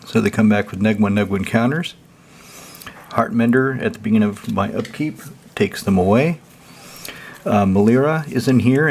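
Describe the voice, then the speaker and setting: A man's voice: lowish voice, vocal fry, slight background noise. A man hosting a casual deck walkthrough, rambling loosely and swearing freely. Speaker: deck-building channel host.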